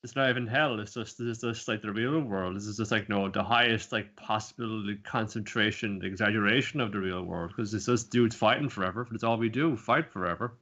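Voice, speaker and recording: A man co-hosting a casual podcast, chiming in with jokes and quick character bits. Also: on the low side, sharp tone, highs cut off. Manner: jokey interjections, does quick character bits. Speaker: podcast co-host. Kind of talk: casual anime podcast chat.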